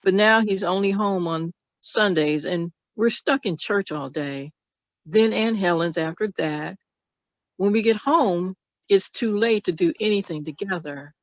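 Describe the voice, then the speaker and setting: Brief: reader voicing a bashful boy, higher and slower, a bit whiny, dull dry audio. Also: no room sound, natural voice. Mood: sheepish. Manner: hesitant, pleading, slow. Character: shy boy embarrassed about a wish.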